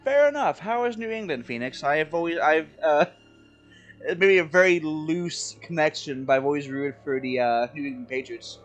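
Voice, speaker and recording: Brief: casual game streamer, man from Maryland, chatty with chat, slightly high voice. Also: expressive, moderate pace, soft background music. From Maryland, USA. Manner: rambling, self-deprecating, chatty with viewers. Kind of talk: casual live-stream chat while playing.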